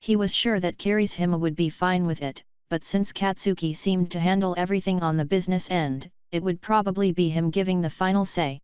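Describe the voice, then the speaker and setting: A woman narrating a fan fiction audiobook in a calm, even storytelling manner. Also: fairly low pitch, smooth, dry recording. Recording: slightly dull, dry close-mic recording.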